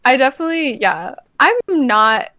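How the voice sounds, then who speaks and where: A woman's voice: sits high, lively intonation, moderate pace, bright, forceful tone, no room sound. Bubbly giggly woman streamer, says like a lot, dry close sound. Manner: bubbly, giggly, lots of "like", acts out quotes. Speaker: ASMR streamer, guest. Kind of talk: casual interview chat.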